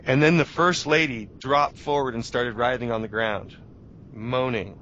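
Brief: thirties male guest, animated storyteller, mid-pitched voice, muffled lo-fi radio sound, faint hiss. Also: moderate pace. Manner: animated storytelling with restarts and self-talk. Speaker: interview guest, journalist. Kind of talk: casual radio interview. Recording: dull lo-fi radio audio.

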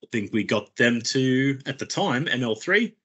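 A man's voice: medium pitch, big pitch swings, normal speed, a bit bright, slightly rough. A man co-presenting a webinar, answering in brief, matter-of-fact remarks.

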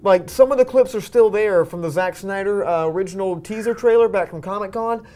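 A man's voice: high voice, brisk, mellow. A young man co-hosting a movie podcast, chatting casually and rambling with lots of fillers. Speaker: podcast co-host. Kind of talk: casual chat.

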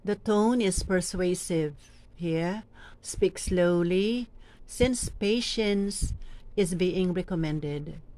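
Filipino lady lector coach, reads scripture real slow n deliberate, leans on each word. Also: on the low side, dark tone. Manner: slow, deliberate, emphatic reading with coaching asides. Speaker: lector trainer. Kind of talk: teaching and modeling scripture reading.

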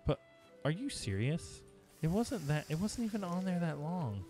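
A man's voice: on the high side, big pitch swings, moderate pace, mellow. A man streaming a video game live, chatting casually with viewers as he plays. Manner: chatty, talking to chat while playing. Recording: music playing behind.

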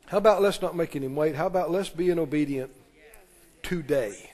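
A man preaching a sermon as pastor, retelling scripture with animated, dramatic delivery. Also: a little high, normal speed, long reverb tail.

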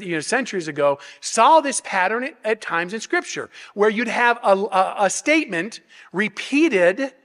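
Step by step, a pastor explains his expository sermon, leaning on rhetorical questions while frequently restarting and repeating himself. He has a high, fairly bright voice, and the long reverb of the church sanctuary hangs over the recording.

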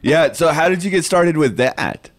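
A man's voice: fairly high pitch, expressive, moderate pace. A man co-hosting a podcast, dropping brief reactions and questions in casual chat. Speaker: podcast co-host.

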